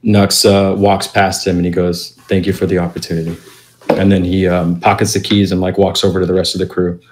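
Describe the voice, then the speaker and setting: A man describes his character's moves in a tabletop game. He talks low and flat and often stops to restart with fillers. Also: noisy background. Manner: halting, restarts, many fillers. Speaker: player.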